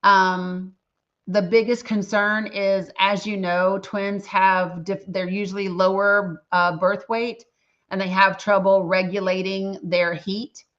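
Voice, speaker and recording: Hosting a casual livestream, a woman reads her viewers' names from the chat and talks with earnest emotion. Her delivery is flat and slow, at medium pitch with a fairly bright tone, and the lo-fi audio sounds slightly dull.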